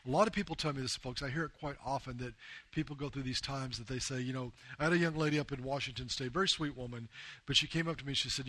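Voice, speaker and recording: Male missionary from the US, quick and bright, earnest testimony talk, dry recording. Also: medium pitch, dry recording. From United States. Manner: earnest storytelling, often addressing the listeners as "guys". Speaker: missionary speaking to a men's group.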